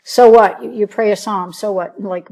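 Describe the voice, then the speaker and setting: A woman's voice: mid-range voice, steady tone, normal speed, darkish tone. A woman telling her story as an interview guest in casual, earnest, rambling speech, often breaking into quoted dialogue. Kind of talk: casual spoken testimony.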